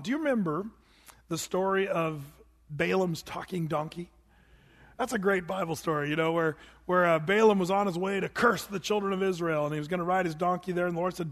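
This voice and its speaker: A man with a high voice gives an easygoing sermon, reading scripture and then telling the story in a folksy, chatty way. He stumbles and restarts often. His voice rings with a long reverb, as in a church hall. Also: fairly quick, a bit bright. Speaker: preacher. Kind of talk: casual sermon with Bible reading.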